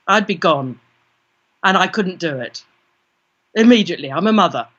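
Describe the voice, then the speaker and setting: A British woman tells a personal story as an interview guest. Her voice is bright and forceful, and she brings the tale to life by quoting her own thoughts. The sound is dull and lo-fi. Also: fairly low pitch, animated, normal speed. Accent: British English. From Britain. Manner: vivid first-person storytelling with quoted inner voices. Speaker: guest, parapsychologist. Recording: dull lo-fi recording.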